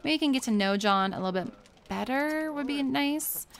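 A woman's voice: sits high, animated, normal speed. A woman giving casual, chatty commentary over a life-sim game, laughing often and gushing over the family she plays. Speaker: gameplay streamer.

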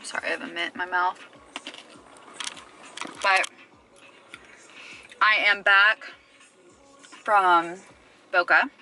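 A woman's voice: fairly low pitch, fairly even intonation, slow pace, pauses often, bright, forceful tone, soft background music, poor audio. A young woman talking casually to camera in a vlog, chatty and rambling with lots of filler words. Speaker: vlogger.

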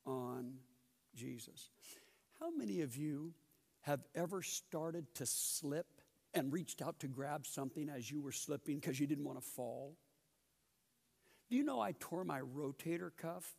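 A middle-aged man teaching a Bible class in a church building, telling stories and questioning the class in a lively way. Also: on the high side, creaky, in a large hall.

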